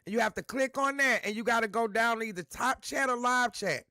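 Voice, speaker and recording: A man hosting a livestream, talking straight to his chat viewers and repeating himself to make points clear. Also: very high-pitched, fairly quick, pushed and bright, no echo, clean studio sound. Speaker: livestream host.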